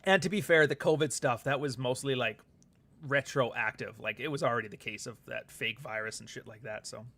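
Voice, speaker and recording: Speaking briskly in a mid-range, creaky, slightly bright voice, a man hosts a casual livestream chat. He is an author and livestream host who rambles, swears, reads out viewer comments and laughs a lot.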